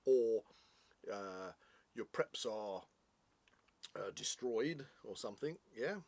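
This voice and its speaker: A man's voice: fairly low pitch, expressive, slow, gravelly, darkish tone, no room sound. A man co-hosting a casual product review, chatty and jokey, explaining things at length.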